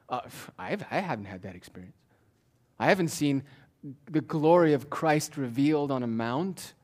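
A pastor preaching a sermon, moving between forceful declarations and quiet, almost whispered asides. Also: male voice, a little high, a little slow. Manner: swings from loud declaring to hushed near-whispers.

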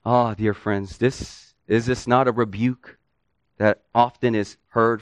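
A man's voice: mid-range voice, fairly even intonation, slow, no room sound. A male preacher giving an expository sermon, earnest and emphatic, often asking rhetorical questions.

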